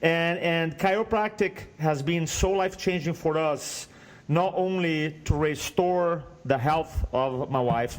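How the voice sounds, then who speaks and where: A man from Brazil speaks with a Brazilian Portuguese accent and a fairly high voice. He tells a personal story as a podcast guest, earnest and animated. He is in his thirties. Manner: earnest, animated retelling with acted quotes. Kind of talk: storytelling interview.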